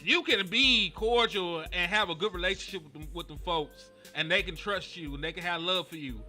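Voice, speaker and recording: A man co-hosting a casual sports chat, animated and profane, laughing through his banter. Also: sits high, normal speed, faint music behind. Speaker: co-host.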